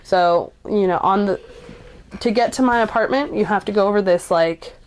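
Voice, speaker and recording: A woman's voice: mid-range voice, normal speed. A woman in her twenties, in recovery, telling a personal story in a casual, chatty way with lots of "like" and blunt swearing. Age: 20s.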